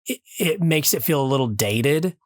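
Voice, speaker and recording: A man's voice: on the high side, lively intonation, normal speed, dry recording. Rambling man with a dry, close sound. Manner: rambling, hesitant, many fillers and restarts. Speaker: podcast co-host reviewing a film. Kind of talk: casual review chat. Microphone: remote call mic.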